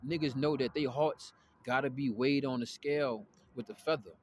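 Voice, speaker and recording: A man's voice: medium pitch, moderate pace. A man talks through a loose, profane spiritual rant in street slang, checking in with "you feel me" again and again. His voice sits mid-range, with faint noise in the background. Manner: profane street slang, constant "you know what I'm saying". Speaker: spiritual vlogger. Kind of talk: casual spiritual rant to camera.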